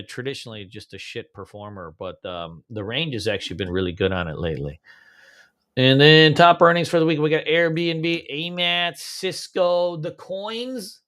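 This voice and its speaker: A man's voice: mid-range voice, lively intonation, normal speed, fairly bright tone. A man hosting a live pre-market trading stream, casual and slangy, humming filler beats as he scrolls through charts.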